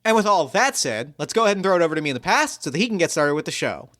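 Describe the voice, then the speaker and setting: Man, podcast host, fairly high voice, upbeat, chatty, eager. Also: sing-song, very fast, a bit bright. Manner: upbeat, enthusiastic, many fillers. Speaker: podcast host and game master. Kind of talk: casual chat before a tabletop game.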